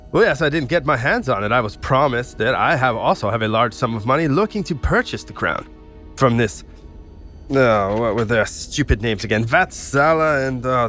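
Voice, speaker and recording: A man voicing a crude, bigoted English gentleman collector with a put-on English accent, haughty and profane. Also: mid-range voice, close to an everyday voice.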